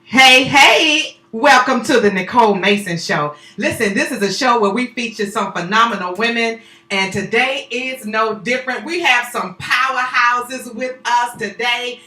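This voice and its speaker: A woman's voice: on the high side, measured pace, sharp tone, reverberant, poor audio. A woman hosting a live talk show, exuberant and chatty, whooping and cheering as she introduces her guests in the studio on a handheld microphone.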